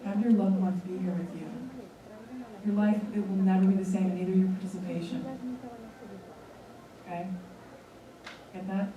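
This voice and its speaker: Speaking in a mid-range, mostly flat voice at an ordinary pace with long pauses, a seminar leader in her forties tells her audience an honest personal story, voicing the dialogue herself. The sound is muffled, far off and echoey in a large room, with a loud crowd murmuring.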